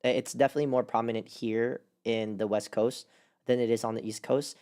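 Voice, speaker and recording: A man co-hosting a casual podcast chat, talking in an animated, rambling way with lots of fillers. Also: mid-range voice, a little fast, clean tone. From California. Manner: animated, rambling with many fillers and quoted put-on voices. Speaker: podcast co-host.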